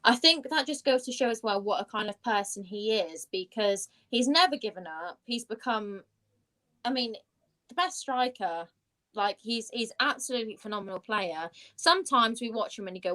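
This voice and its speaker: Chatty, high-voiced woman on a video call. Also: animated, normal speed, sharp tone, low-quality recording. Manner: chatty and effusive, laughing often. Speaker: podcast guest. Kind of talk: casual chat over a video call.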